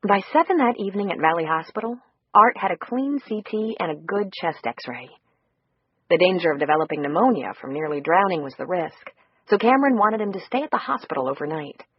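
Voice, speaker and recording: An audiobook narrator reading steadily through a novel. The voice is breathy and mid-pitched, and the recording is dry and somewhat dull. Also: moderate pace, dry recording. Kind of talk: scripted narration.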